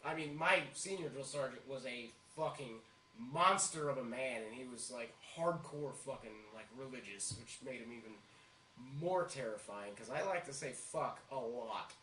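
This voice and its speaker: A young man chatting on a podcast, telling army stories in a loud, profane, animated way. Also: medium pitch, normal speed. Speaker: podcast co-host. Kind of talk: casual chat. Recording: echoey room, mic at a distance, faint noise.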